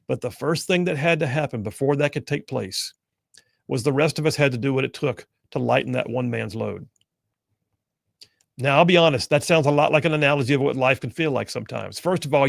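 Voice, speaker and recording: This is a man with a gravelly, textured voice delivering a radio talk monologue. He speaks earnestly and conversationally, as if to one listener. The sound is dry and close, the kind you get from a studio microphone. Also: mid-range voice, dry recording. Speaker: radio talk show host.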